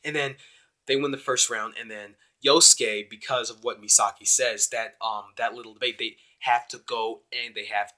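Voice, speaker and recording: A young man giving a casual, rambling, excitable spoken review of an anime episode. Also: mid-range voice, moderate pace. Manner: excitable, rambling, with many fillers.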